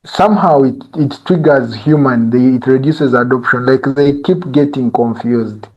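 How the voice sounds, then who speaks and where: A male instructor giving a live software tutorial, talking conversationally and often checking in with "eh?" and "you see?". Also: medium pitch, normal speed, lo-fi sound.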